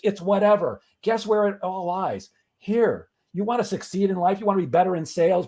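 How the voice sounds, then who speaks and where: Middle-aged man, guest, earnest storytelling, motivational, slightly high voice. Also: a little mellow. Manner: earnest, builds to emphatic preaching. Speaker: guest, sales coach.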